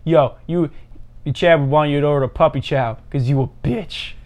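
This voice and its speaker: A man's voice: a little high, normal speed, a little mellow, close to an everyday voice. A man voicing an aggressive young macho bully who talks in blunt, slangy, menacing insults, as part of a comedy bit. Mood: sneering.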